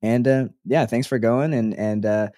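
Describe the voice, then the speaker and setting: Brief: young male co-host, mid-pitched, loose rambling delivery, dry close mic. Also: fairly even intonation, moderate pace, dark tone, no echo. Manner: rambling, restarts often, playful. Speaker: podcast co-host. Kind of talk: casual chat.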